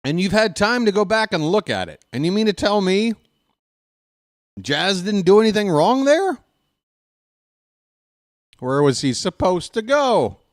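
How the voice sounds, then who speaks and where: A man's voice: high-pitched, sing-song, unhurried, pauses often, no echo. A man ranting sarcastically and with exasperation as a fan commentator, in casual live baseball talk on a close desk mic.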